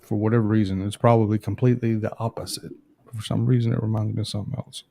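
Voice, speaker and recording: A man tasting whiskey with friends in casual chat, often halting and restarting his thoughts. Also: on the low side, flat delivery, vocal fry, dark tone. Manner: hesitant, self-correcting. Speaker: guest taster.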